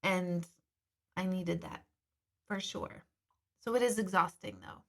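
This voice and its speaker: A woman's voice: lowish voice, slow. A middle-aged woman hosting a casual live stream, chatting candidly and reading viewer comments, with the occasional swear word.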